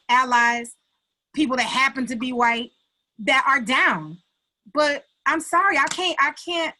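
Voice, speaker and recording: High, bright-voiced blunt woman. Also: poor audio. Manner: blunt, exasperated, emphatic. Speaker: call participant, artist. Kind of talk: candid group video call. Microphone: video call.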